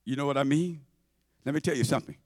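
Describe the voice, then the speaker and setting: A man preaching a sermon in church, folksy and conversational, swinging from shouts to low asides. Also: quick pace, no echo, clean studio sound. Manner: shouting and half-singing at high points, then dropping to low asides; conversational, folksy, with repetitions and laughter.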